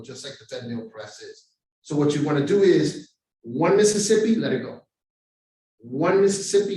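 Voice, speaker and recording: A man giving a live overdose-prevention training, talking casually and animatedly. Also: a little high. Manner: animated storytelling with acted street voices. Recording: very echoey room, far from mic.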